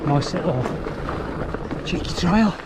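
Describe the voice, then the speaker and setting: Rambling, sweary biker. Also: male voice, fairly high pitch, animated, takes it slowly. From England. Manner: chatty and rambling, swears freely, fired up. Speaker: mountain biker vlogger. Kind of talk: casual spoken commentary while riding. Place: outdoors on country trails. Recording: outdoor camera mic with noticeable wind and traffic noise.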